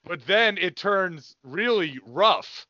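A man co-hosting a podcast, retelling film scenes in an animated, laughing casual chat. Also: high voice, slow pace. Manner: animated storyteller, laughs often. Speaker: podcast co-host. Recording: dull lo-fi podcast audio.

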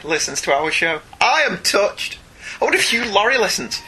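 Lively bright-voiced man chatting on a podcast. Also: high voice, normal speed, slight background noise. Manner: chatty, jokey, laughs often. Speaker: podcast co-host. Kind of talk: casual chat, reading listener emails.

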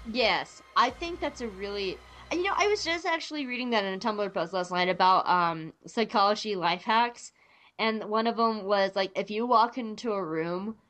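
A woman hosting a podcast in casual chat, talking in an animated, rambling way with frequent restarts. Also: medium pitch, moderate pace, soft background music. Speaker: podcast host.

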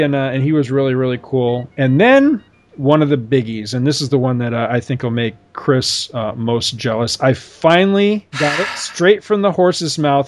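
Rambling, chatty man telling stories. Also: a little high. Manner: rambling, animated storytelling with many fillers. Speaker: podcast co-host. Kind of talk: casual chat.

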